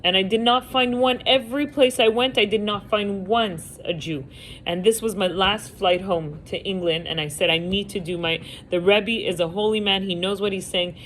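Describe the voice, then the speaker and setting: A woman's voice: medium pitch, normal speed, a bit bright, natural voice, low-quality recording. A woman voicing an earnest, desperate male rabbi businessman who pleads and insists as he tells his story. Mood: pleading.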